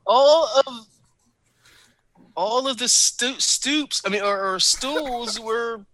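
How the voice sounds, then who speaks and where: A man co-hosting a casual TV recap chat, animated and opinionated. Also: very high-pitched, slow pace, slight background noise. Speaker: podcast co-host.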